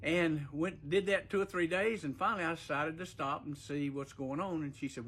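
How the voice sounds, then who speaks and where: A man's voice: fairly high pitch, normal speed, few pauses, a bit bright, breathy edge. A man casually telling a personal story in a folksy way, with fillers and chuckles.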